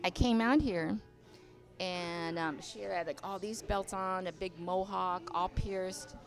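An older woman, a veteran dancer, telling stories in a casual interview, animated and swearing freely, acting out other people's voices. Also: fairly low pitch, slow pace. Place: inside a bar venue. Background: faint music.

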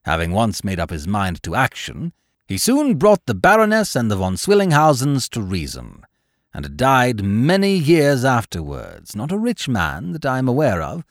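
A man narrating a classic tale as an audiobook, expressive and measured. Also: mid-range voice, no echo, clean studio sound.

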